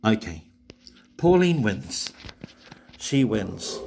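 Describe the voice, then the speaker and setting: Man, late 40s, live stream host, casual chat, rambling, lots of fillers, lowish pitch, mellow tone. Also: very animated, extremely slow, slight background noise. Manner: rambling, chatty, many fillers and restarts.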